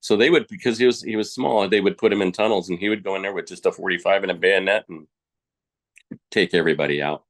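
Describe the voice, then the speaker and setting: Deep-voiced man telling a frank story. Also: fast talker. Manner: frank, colloquial, plainspoken storyteller. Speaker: podcast guest. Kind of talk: personal storytelling in conversation.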